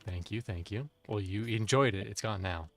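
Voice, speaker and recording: A man's voice: fairly low pitch, normal speed, a bit bright, no echo. Joking male streamer, dry sound. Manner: joking, playful. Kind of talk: casual chat while gaming.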